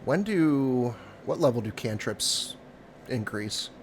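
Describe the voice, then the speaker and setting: A male player at a game table who talks very slowly, in stops and starts. His voice sits at a middling pitch, with faint noise behind it. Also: animated. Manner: hesitant, halting narration. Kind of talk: casual game-table chat.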